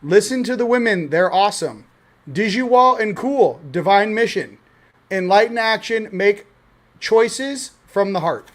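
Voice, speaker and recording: A man's voice: sits high, lively intonation, a little slow. A man hosting a casual livestream, joking and rambling, laughing at his own asides. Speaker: host.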